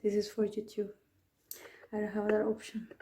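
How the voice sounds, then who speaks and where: A woman's voice: medium pitch, monotone, fairly quick, echoey room, noisy background. A woman, chatting her way through a home cooking tutorial with rambling asides and restarts. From Peru. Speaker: home cook vlogger. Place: home kitchen.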